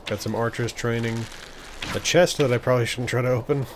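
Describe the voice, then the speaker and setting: Brief: laid-back man narrating a game, mid pitch, faint hiss behind. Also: steady tone, a little fast. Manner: musing aloud, chuckling, rambling. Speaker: gaming video host. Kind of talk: casual game commentary.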